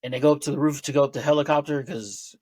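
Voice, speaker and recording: A man's voice: on the high side, fairly even intonation, fast talker, a little mellow, no room sound. A man giving a casual, rambling movie review, loose and full of fillers, laughing and swearing as he goes.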